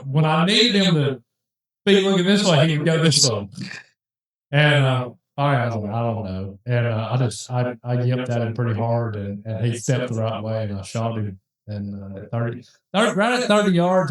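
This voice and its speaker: Rambling man in an echoey room. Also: mid-range voice. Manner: rambling, animated, many restarts and asides. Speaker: podcast host telling a hunting story. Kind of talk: casual storytelling chat.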